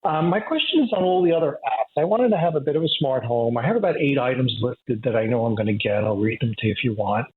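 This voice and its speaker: A man's voice: mid-range voice, lively intonation, quick pace, few pauses. A man from Long Island calling into a radio show, hesitant and full of ums and restarts. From Long Island, New York. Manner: hesitant, many ums and restarts, laughs nervously. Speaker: caller. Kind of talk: phone-in question. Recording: tinny phone line.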